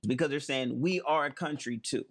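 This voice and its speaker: A man's voice: mid-range voice, moderate pace. A man hosting a spoken commentary, talking emphatically and stressing key words. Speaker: host. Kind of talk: monologue commentary.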